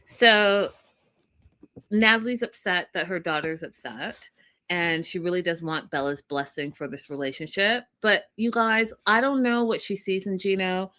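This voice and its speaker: A woman's voice: on the low side, a little slow, bright, forceful tone. A woman co-hosting a casual TV recap show, chatting directly to her viewers and laughing often. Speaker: podcast co-host.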